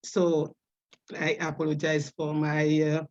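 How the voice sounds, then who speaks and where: A speaker with a strong French accent on a video call, talking in a casual, halting way with many fillers and restarts. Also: medium pitch, monotone, a little mellow, dull audio. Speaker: webinar participant. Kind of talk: casual spoken remarks.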